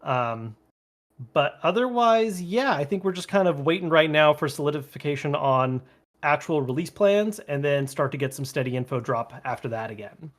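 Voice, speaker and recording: A man's voice: on the high side, animated, normal speed. Rambling casual podcast guy. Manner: rambling, many fillers and "like". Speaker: podcast co-host. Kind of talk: casual chat.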